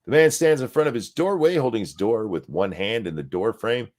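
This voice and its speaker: A man's voice: on the low side, lively intonation, fairly quick, a little mellow. Man reading news with sarcastic asides. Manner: reads aloud with sarcastic asides and profanity. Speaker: podcast co-host reading news. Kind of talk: casual commentary reading an article aloud.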